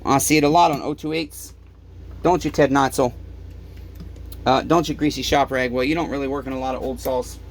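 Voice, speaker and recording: A man's voice: medium pitch, fairly even intonation, fairly quick, long pauses. A tired, fed-up man who runs a small repair shop, ranting to the camera in his workshop and swearing constantly. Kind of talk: angry workshop rant to camera.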